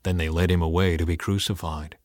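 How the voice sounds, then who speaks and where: A man reading the Bible aloud in a scripted, expressive and dramatic way. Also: low voice, brisk, no echo, studio quality. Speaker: Bible reader.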